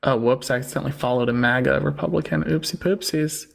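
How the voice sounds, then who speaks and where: A man's voice: medium pitch, fairly even intonation, racing, vocal fry, a bit bright. A man hosting a livestream debate, sarcastic and mocking as he talks down to callers.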